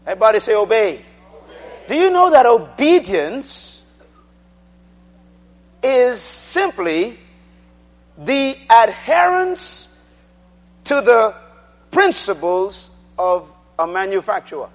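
A man preaching a sermon, drilling the congregation to repeat phrases and swinging between loud declarations and quiet asides. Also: high voice, sing-song, takes it slowly, pauses often.

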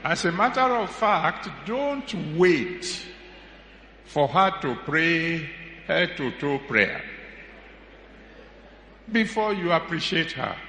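A man's voice: fairly high pitch, gravelly, bright, forceful tone, slight background noise. A man preaching a sermon with humor, stretching words for emphasis. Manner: humorous, drawn-out emphatic delivery. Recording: echoey hall with faint ambience.

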